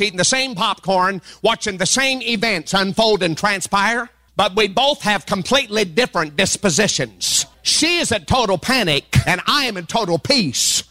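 A man preaching a sermon as pastor, acting out quoted voices with humor and building to sing-song, shouted emphasis. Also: high-pitched.

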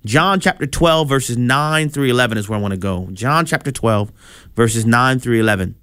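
A man preaching a sermon, in a conversational style with animated asides. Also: mid-range voice, moderate pace, smooth, no echo, studio quality.

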